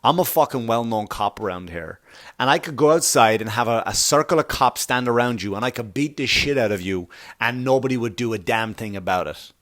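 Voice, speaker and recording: A man's voice: medium pitch, a little fast, a bit bright, close to an everyday voice. A man quoting a threatening police officer in his own plain voice, blunt and menacing.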